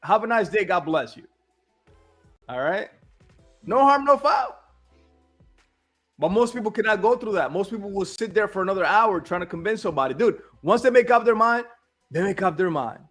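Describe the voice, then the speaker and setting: Blunt, emphatic male co-host, high voice, light music bed. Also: animated, a little fast, a bit bright. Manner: blunt, emphatic, repeats "all right?" and "dude". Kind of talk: casual business chat.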